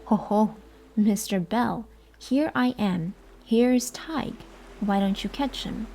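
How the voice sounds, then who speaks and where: A woman's voice: mid-range voice, slow, creaky, warm tone. A woman voicing an invisible, mocking male fairy spirit that laughs and taunts, as a whispered role-play. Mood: taunting.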